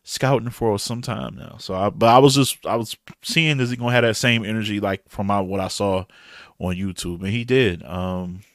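Middle-aged Detroit man, low-pitched, dry recording; loose slangy battle rap reviewer. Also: fairly even intonation, moderate pace, a bit bright, no echo. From Detroit, USA. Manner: loose, rambling, slangy, frequent fillers. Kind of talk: casual recap monologue.

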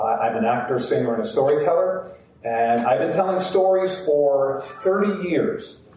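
A man's voice: mid-range voice, mellow. A man, an actor and storyteller, giving a heartfelt live performance that he speaks straight to the audience. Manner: heartfelt, addressing the crowd directly. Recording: roomy, distant outdoor sound with faint background noise.

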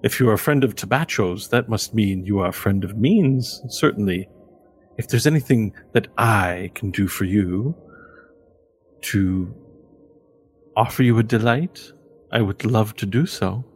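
A man's voice: measured pace, soft background music, natural voice. A man voicing a formal, welcoming male impresario of a pleasure house in a tabletop game, speaking in a theatrical, courtly manner. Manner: smooth, theatrical, welcoming, raised pitch.

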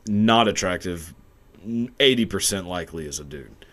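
A man's voice: low-pitched, animated, normal speed, fairly bright tone. A young man ranting crudely into his camera, rambling, swearing and breaking into laughter as he goes. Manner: profane, rambling, laughing often. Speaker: video commentator. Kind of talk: crude comedic rant. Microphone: camera mic.

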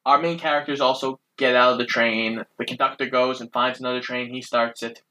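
A podcast co-host narrating a film's plot in a steady, matter-of-fact way. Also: medium pitch, brisk, poor audio.

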